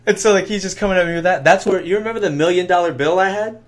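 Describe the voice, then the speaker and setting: Young dude on a podcast, laughs a bunch, meanders, swears casually. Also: male voice, high-pitched, rapid-fire. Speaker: podcast co-host. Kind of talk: casual chat.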